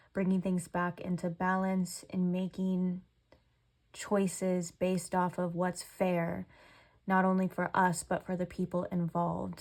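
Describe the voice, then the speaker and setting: A woman giving a casual tarot card reading to her viewers, chatty and full of "like", slowing down and softening her voice when she turns to the cards. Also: on the low side. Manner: chatty, says "like" often. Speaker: tarot reader.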